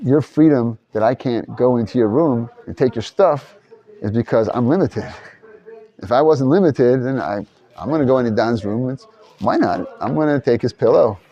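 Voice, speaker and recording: Mellow-voiced man teaching a casual class. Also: mid-range voice, moderate pace, lo-fi sound. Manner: loose, rambling, thinks aloud with restarts. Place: study hall.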